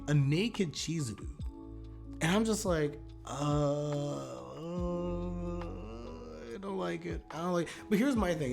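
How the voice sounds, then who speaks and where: A man's voice: medium pitch, darkish tone. A young man talking casually and animatedly in a video review, rambling with fillers and restarts. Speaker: manga reviewer.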